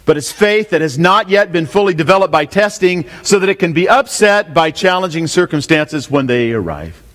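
A pastor delivers an expository sermon in a man's voice that sits on the high side, expressive and fairly bright, at a normal speed. He keeps asking the congregation questions and repeating key lines, and the recording carries a long hall reverb.

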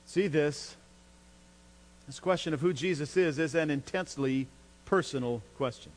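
Emphatic pastor preaching in a hall. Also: male voice, a little slow, pauses often. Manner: emphatic, rising pitch and volume when stressing points. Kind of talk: sermon. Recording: long hall reverb with mains hum.

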